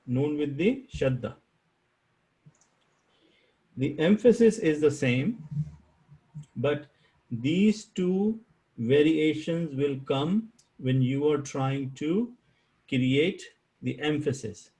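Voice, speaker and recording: A man teaching an online Arabic grammar class over a video call, slow and patient, repeating key terms and quizzing his students. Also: on the high side, animated, warm tone, poor audio. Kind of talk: live online class lecture.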